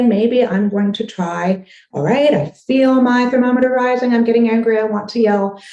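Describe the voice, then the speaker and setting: Woman, parenting coach, encouraging, mellow voice, roomy echo. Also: medium pitch, highs cut off. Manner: encouraging, speaks straight to the listener. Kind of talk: direct-to-camera advice talk.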